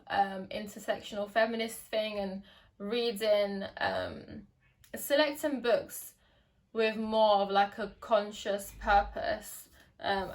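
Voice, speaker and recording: Slow, hesitant young woman chatting about books. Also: medium pitch. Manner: chatty, hesitant, many ums and restarts. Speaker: book vlogger. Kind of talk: casual book review.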